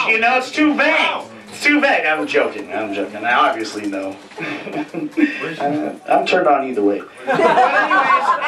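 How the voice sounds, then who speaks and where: A man's voice: very high voice, bright, forceful tone. A man in his twenties doing a rambling, self-deprecating stand-up set on a comedy club stage. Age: 20s. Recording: roomy club, distant mic, crowd. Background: audience laughter.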